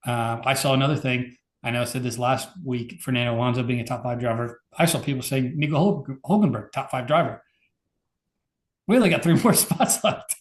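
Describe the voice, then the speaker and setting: A man's voice: medium pitch, brisk, echoey room. A man co-hosting a podcast, talking in a laid-back, casual way with lots of fillers. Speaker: podcast co-host. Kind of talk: casual chat.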